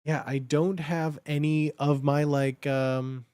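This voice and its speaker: A man's voice: a little high, level tone, takes it slowly, darkish tone, clear, resonant tone, dry recording. A man hosting a live stream, chatting casually and muttering to himself as he fiddles with his setup, laughing often.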